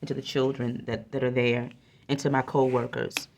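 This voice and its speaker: Low-voiced woman giving an earnest card reading. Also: flat delivery, normal speed, creaky, a little mellow, a little hiss or hum. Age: adult with a young son. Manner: earnest, encouraging, repeats phrases. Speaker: oracle card reader.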